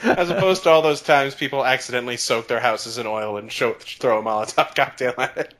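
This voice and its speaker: A man's voice: mid-range voice, a little fast, background noise. A man co-hosting a comedy podcast, reading a creepy story with wry jokes. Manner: wry, laughs at own jokes.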